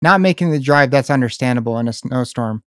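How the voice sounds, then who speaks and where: A man interviewing a guest, asking careful, measured questions and reading documents aloud. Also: medium pitch, a bit bright, dry recording, studio quality.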